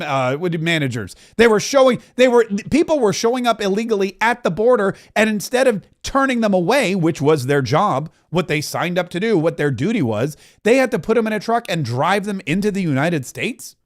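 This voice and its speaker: High-pitched male host, fiery commentary, hammers points home. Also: expressive, normal speed, hardly any pauses. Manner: impassioned, repetitive, restarts mid-sentence. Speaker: podcast host. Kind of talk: political commentary.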